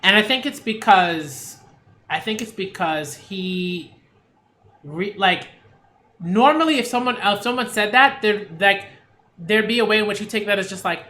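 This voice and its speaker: A man's voice: sits high, normal speed, pushed and bright, echoey room. A man reviewing manga in a casual read-along, rambling with many fillers and restarts.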